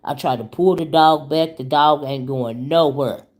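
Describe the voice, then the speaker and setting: Chatty woman with a low voice. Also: measured pace, soft background music. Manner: animated, chatty, calls audience "y'all" and "child". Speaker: YouTube commentary host. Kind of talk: casual storytelling chat.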